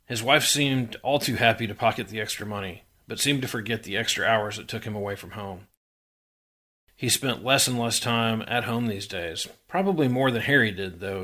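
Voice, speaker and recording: Man, story reader, low voice, even dry narration, hard-boiled crime tale. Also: brisk.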